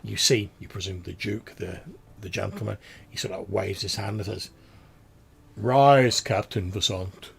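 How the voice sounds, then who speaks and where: A man's voice: sits low, level tone, moderate pace, vocal fry, fairly bright tone. A man narrating as game master, describing scenes in a loose, rambling way with many fillers.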